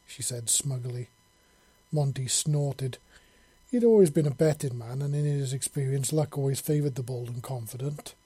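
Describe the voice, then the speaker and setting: Mellow, husky male storyteller. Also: medium pitch, moderate pace, no room sound. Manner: relaxed, with small slips and self-corrections. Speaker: narrator. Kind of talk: storybook narration.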